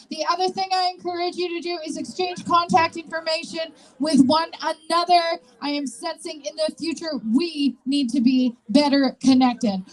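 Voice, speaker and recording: Very high-voiced upbeat woman emcee. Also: rough recording. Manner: upbeat, loud, rallying the crowd. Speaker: rally emcee. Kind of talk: crowd call-and-response hosting.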